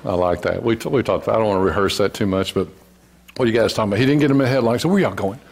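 A man's voice: lowish voice, racing, creaky, a little mellow. A man preaching a sermon in a church, with a folksy, joking way of talking to the congregation. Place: church sanctuary.

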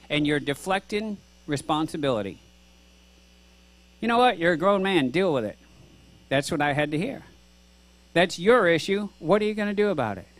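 A man's voice: high-pitched, expressive, moderate pace, pauses often, a bit bright, no room sound. A middle-aged male pastor giving an earnest, conversational sermon, asking rhetorical questions and acting out both sides of a dialogue. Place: church sanctuary.

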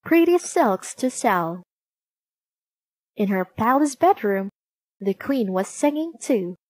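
A woman narrating a storybook aloud, slow, clear and expressive. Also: a little high, dry recording.

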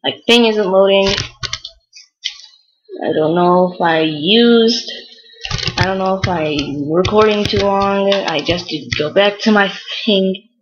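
A young woman giving excitable, frustrated Let's Play commentary while playing a game. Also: medium pitch, takes it slowly, pauses often, highs cut off. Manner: excitable, exclaims often, frustrated outbursts. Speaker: gamer.

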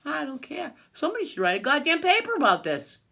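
A woman's voice: sits high, huge pitch swings, fast talker, creaky, sharp tone. An older woman filming herself in an agitated, angry rant, swearing, stammering and breaking into bitter laughs. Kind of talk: angry self-filmed rant.

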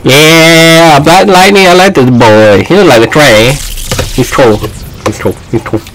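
Young male gamer, unhurried but jumpy trash talk, high, yelping voice. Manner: excitable trash talk, sudden yelps. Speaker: gaming channel host. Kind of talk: casual gaming commentary.

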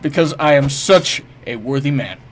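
A man's voice: medium pitch, animated, moderate pace, slight background noise. A man live-streaming a game, swearing, joking with viewers and hurling mock-heroic taunts at enemies. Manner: profane, jokey, chats with viewers. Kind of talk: casual live-stream commentary.

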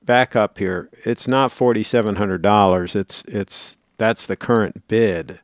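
A man's voice: lowish voice, a little slow, dry recording, clean studio sound. A middle-aged man hosting a casual livestream, reading viewer comments aloud and rambling on in a chatty, self-correcting way.

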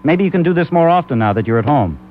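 A man's voice: fairly high pitch, very animated, fast, a little hiss or hum. A man hosting a comic talk radio show, rambling and laughing often. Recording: muffled old AM radio recording.

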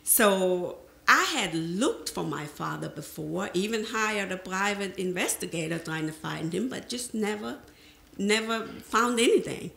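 A middle-aged woman recounting her life story before an audience, slipping into the voices of the people in her memories. Her voice has a gravelly edge, and the room around her rings with echo. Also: medium pitch, a little slow. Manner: lively storyteller who acts out remembered conversations. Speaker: panel speaker sharing her life history. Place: presentation room.

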